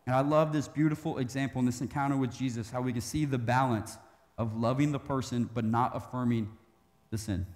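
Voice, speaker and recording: A young man preaching a casual sermon to young adults, reading scripture and acting out quick quotes in an animated way. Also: medium pitch. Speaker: youth pastor. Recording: long reverb of a hall.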